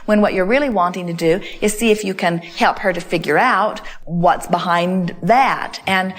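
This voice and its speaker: A woman's voice: lowish voice, normal speed, slight background noise. A woman answering audience questions in a seminar talk, emphatic and fond of repeating set phrases. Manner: emphatic, repeats phrases like "in other words" and "you see".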